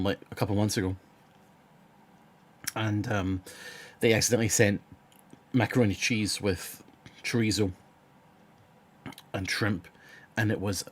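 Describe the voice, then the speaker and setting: A young man streaming live and chatting with his viewers. He is blunt, rambles, swears freely and has a sore throat. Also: fairly low pitch. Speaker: live streamer reading chat. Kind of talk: casual live-stream chat.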